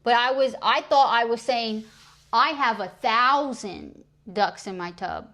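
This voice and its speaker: Slow-talking chatty woman streamer. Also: fairly high pitch, fairly bright tone. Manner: chatty, self-mocking, repeats practice French phrases. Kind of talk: casual live-stream chat. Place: at home streaming. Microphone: streaming mic.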